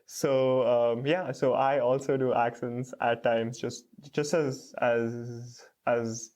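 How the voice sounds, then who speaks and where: Brief: young male guest who stutters, slow and halting, mid-pitched. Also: flat delivery, a little mellow. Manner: stutters with repeated words and many "uh" fillers. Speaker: guest, doctoral student. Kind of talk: casual conversational interview.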